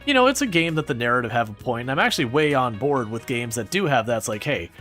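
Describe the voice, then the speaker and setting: A man streaming a game and chatting with viewers in a rambling, animated way, often restarting his sentences. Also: medium pitch, fast talker, faint music behind. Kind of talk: casual gameplay commentary answering chat.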